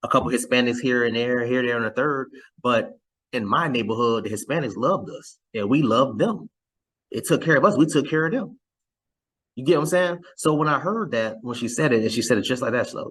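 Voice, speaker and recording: A man's voice: medium pitch, normal speed, fairly bright tone, poor audio. A young adult man hosting his show, reacting in rambling, conversational commentary. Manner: rambling, conversational, with many fillers. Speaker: host.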